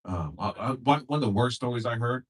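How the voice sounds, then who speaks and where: Young man, stand-up comedian, husky, lively pitch, profane, jumps into character voices. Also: a little fast, far from the mic. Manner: loose, profane, acts out characters in shifting voices. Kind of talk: stand-up set.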